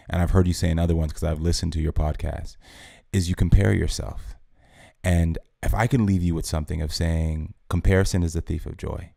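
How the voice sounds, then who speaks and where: American man in his thirties, very deep gravelly voice, dry close sound, calm earnest advisor. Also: no echo. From United States. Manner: calm, measured, sincere. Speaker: guest, TV host giving advice. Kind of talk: earnest advice in conversation.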